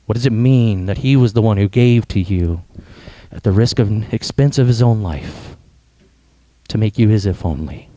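A man preaching a sermon and reading a story aloud, expressive and reflective, exhorting listeners to pray. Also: fairly low pitch, normal speed, no echo.

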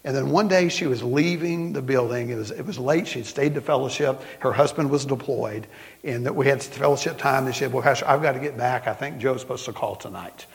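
A middle-aged man with a Southern accent, preaching a sermon as pastor in folksy storytelling style, slowing down for emphasis. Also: medium pitch, creaky. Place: church sanctuary. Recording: long hall reverb.

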